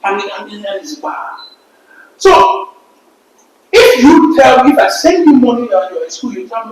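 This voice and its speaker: A man's voice: very high-pitched, expressive, unhurried, pauses often. A man on a podcast panel, arguing emphatically and telling stories with repeated words. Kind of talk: casual debate. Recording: very echoey room.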